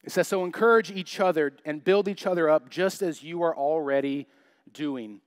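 A man's voice: on the high side, normal speed, dry recording, studio quality. A young adult man preaching a sermon in church, chatty and joking, full of rhetorical questions. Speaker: pastor.

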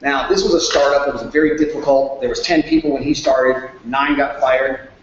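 A man giving an animated sales talk at a workshop, acting out phone calls in raised voices. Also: mid-range voice, moderate pace, a little hiss or hum. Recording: echoey room, dull lo-fi sound.

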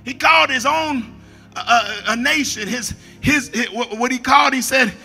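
A man preaching a sermon as a pastor, shouting at the peaks, dropping to quiet asides, and repeating his phrases. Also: very high voice, moderate pace, vocal fry, slightly rough, faint music behind.

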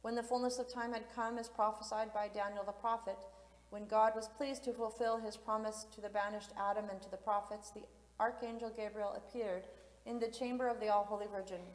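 A woman reading hymns and the feast's story aloud in church, solemn and measured. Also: mid-range voice, flat delivery. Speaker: reader and chanter. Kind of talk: liturgical reading and chant. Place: large church. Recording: roomy echoing church from afar.

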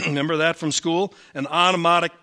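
Male senior pastor, Upper Midwest American accent, bright and fairly high voice, lively sermon delivery with asides. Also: brisk. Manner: animated preaching, raising his voice when reading scripture, self-deprecating asides. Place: church sanctuary.

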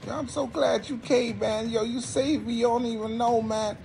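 A man playing a panicked young male rapper fleeing a party, talking in a frantic, high-strung ramble. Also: fairly even intonation, moderate pace, creaky, darkish tone, soft background music. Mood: shaken. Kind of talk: comedy skit impression.

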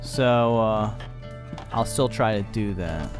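A young man casually commenting on a horror game he is playing, profane and prone to loud startled outbursts. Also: on the low side, takes it slowly, music in the background. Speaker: gaming channel host. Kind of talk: let's play commentary.

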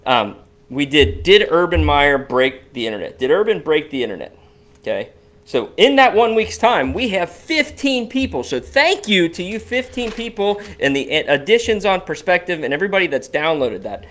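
A man co-hosts a relaxed podcast, talking in a casual, animated way. His voice sits a bit high and swings widely in pitch as he goes through the numbers. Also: normal speed. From Cincinnati, Ohio area. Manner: animated, walks through download stats. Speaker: podcast co-host.

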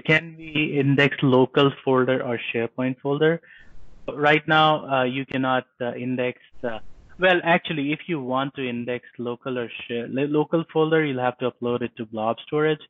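A man's voice: mid-range voice, fairly even intonation, no room sound. Guy giving a webinar demo, lots of uh and restarts, tinny phone sound, super dry. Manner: halting, many fillers and restarts. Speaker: presenter. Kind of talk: live technical webinar demo. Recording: tinny phone-line audio.

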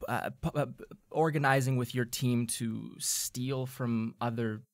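Snide, halting young male student voiced by a man, gravelly and mid-pitched; tabletop role-play NPC. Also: fairly even intonation, no echo, lightly acted. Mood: needling. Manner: stammering, halting, with pointed politeness. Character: young male student, stammering, passive-aggressive rival.

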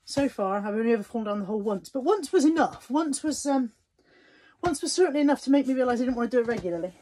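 A woman's voice: a little high, animated, fast, dark tone. Chatty, self-mocking woman vlogger. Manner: chatty, self-mocking, talks to camera while lifting. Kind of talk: casual vlog chat.

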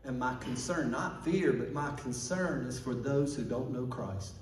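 In an echoey sanctuary captured from a distance, a pastor with a medium-pitched voice preaches a little slowly. He delivers his sermon fervently, calling on the congregation to respond.

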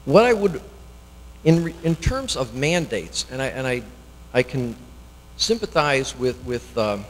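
A man's voice: medium pitch, very animated. Earnest man speaking at a town hearing. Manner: earnest, halting, with restarts. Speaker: elected official speaking at public hearing. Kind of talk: public comment. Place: town meeting hall. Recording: long reverb in a meeting hall.

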